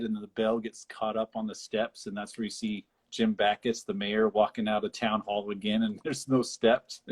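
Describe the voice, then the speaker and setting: A man co-hosting a casual podcast, recapping a film in a rambling, animated way with frequent laughter. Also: lowish voice. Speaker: podcast co-host. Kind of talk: casual film discussion chat.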